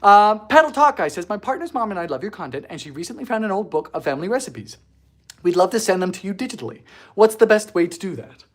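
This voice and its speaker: A man's voice: sits high, very animated, quick pace. A man hosting a baking livestream in a home kitchen, chatting casually in a goofy, giggly way while reading out viewer comments.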